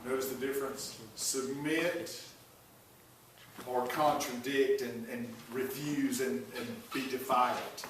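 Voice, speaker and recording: Slow folksy preacher in an echoey church. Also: male voice, medium pitch, steady tone, fairly bright tone, a little hiss or hum. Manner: folksy, joking asides to the congregation. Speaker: pastor. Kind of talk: sermon. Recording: echoey room, voice from far off.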